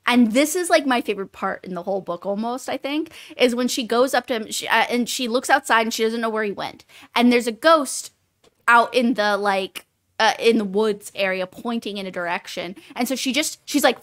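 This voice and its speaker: A woman co-hosting a book podcast, recapping the plot in a rambling, animated way with lots of fillers. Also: on the high side, normal speed. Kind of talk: casual book discussion.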